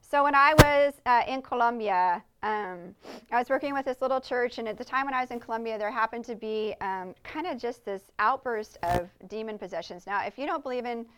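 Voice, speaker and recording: A woman's voice: a little high, brisk, fairly bright tone, slight background noise. A woman preaching a conversational sermon in a church service, earnest and chatty, often asking the congregation questions.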